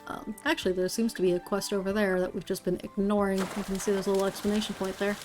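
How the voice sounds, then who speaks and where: Woman gaming streamer, chatty recap, lots of ums, mid pitch, faint music behind. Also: flat delivery, quick pace, a little mellow. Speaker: game streamer. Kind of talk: casual let's-play commentary.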